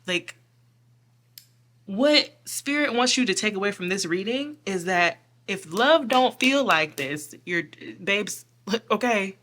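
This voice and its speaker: Bright-voiced giggly woman tarot reader. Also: on the low side. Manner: chatty and giggly, with many filler "like"s. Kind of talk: casual pick-a-card reading.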